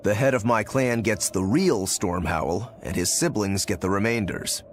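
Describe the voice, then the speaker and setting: A man's voice: on the low side, normal speed, faint music behind, close to an everyday voice. An actor voicing a laid-back young swordsman in a video game, easygoing and matter-of-fact. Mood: calm.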